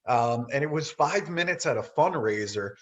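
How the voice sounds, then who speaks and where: A man's voice: on the high side, expressive, normal speed. A man hosting a podcast, asking attentive, encouraging interview questions. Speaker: podcast host.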